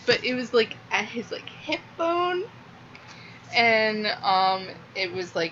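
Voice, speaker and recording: A woman's voice: medium pitch, animated, slow pace, fairly bright tone, highs cut off, slight background noise. Gushing young woman book vlogger. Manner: gushing, rambling, many "like" fillers. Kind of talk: casual book review vlog.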